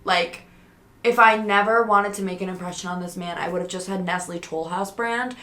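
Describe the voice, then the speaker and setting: A woman's voice: mid-range voice, a bit bright. Chatty, swearing young woman in echoey room. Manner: chatty, swears a lot, many "like" fillers. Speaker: podcast host. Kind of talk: casual storytelling.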